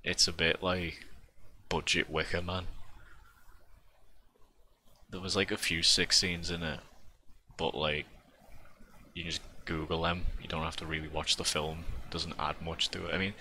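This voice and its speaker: A man's voice: low voice, flat delivery, a little slow, pauses often, pushed and bright, slight background noise. A young man co-hosting a casual podcast, riffing and swearing as he rambles. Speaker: podcast co-host. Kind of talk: casual chat.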